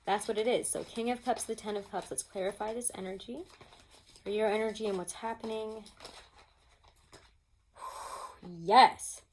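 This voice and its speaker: A woman's voice: medium pitch, fairly even intonation, moderate pace, long pauses, slight background noise, rough recording. A woman giving a casual tarot reading at home, talking chattily to her viewers with many fillers. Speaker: tarot reader. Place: home with pets nearby.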